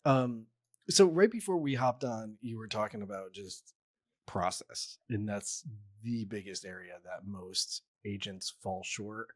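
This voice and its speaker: A man hosting an interview podcast, chatting casually while fighting a cold, relaxed and quick to joke. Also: on the low side, dry recording, studio quality. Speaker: podcast host.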